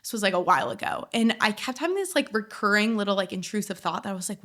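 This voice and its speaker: A woman in her twenties, guest on a casual podcast interview, telling her story in a chatty way, full of "like" and quick laughs. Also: mid-range voice, animated, a bit bright. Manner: chatty storyteller, heavy use of "like", laughs often. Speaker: guest chef.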